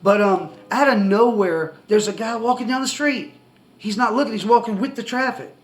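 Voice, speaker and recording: A man telling a personal testimony story to the camera, excitable and rambling with many restarts. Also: high voice, normal speed, rough recording. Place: indoors, seated facing the camera.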